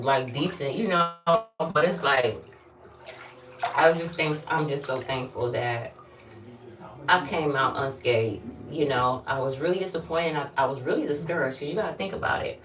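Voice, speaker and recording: A woman's voice: sits low, moderate pace. A woman telling a candid, rambling storytime while taking a bath, swearing freely and acting out what people said. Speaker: vlogger. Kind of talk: casual storytime vlog. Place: bathroom, during a bath. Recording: echoey bathroom, mic at a distance.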